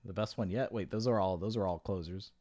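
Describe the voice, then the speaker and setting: A man's voice: sits low, brisk, a little mellow, no room sound. A man casually telling long jokes, rambling with lots of "like" and restarts as he acts out the characters' lines. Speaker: joke teller.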